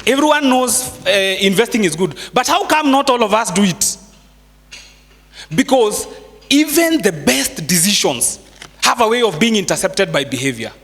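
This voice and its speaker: A man's voice: sits high, a bit bright. Kenyan man speaking in an echoey hall. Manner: conversational, quizzes the audience, mixes in Swahili phrases. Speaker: seminar speaker. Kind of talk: live motivational finance talk. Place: large hall with a live audience. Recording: echoey hall with long reverb.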